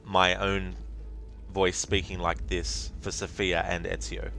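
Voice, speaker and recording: Deep-voiced, rambling male game streamer. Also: flat delivery, takes it slowly, creaky, bright, forceful tone, faint music behind. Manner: rambling, chatty, many fillers, thanks viewers. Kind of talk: casual live-stream chat.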